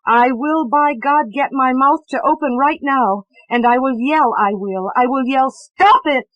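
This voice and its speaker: A woman's voice: sits high, unhurried, no room sound, muffled recording, voice pushed up. A woman reading the part of a nervous, sensitive young woman in an audiobook, with an intense, earnest delivery. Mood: defiant.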